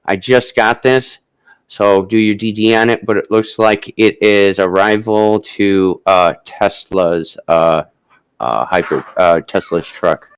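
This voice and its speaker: A man hosting a casual live stock chat, talking in a halting way with many drawn-out fillers. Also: fairly low pitch, smooth, dry recording, low-quality recording.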